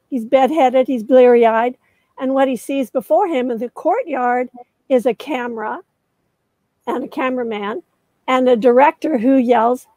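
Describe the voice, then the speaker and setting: A woman's voice: a little high, darkish tone, no room sound, rough recording. A woman in her seventies, a guest author, telling a detailed story in conversation with frequent "uh" fillers. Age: 70s.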